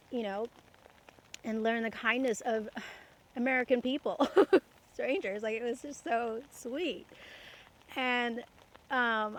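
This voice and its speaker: A young woman from Canada tells a personal story in a relaxed, rambling monologue, with plenty of "like" and "um" and frequent laughter. Her voice sits a little on the high side. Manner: chatty, laughs often, many fillers. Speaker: podcast host.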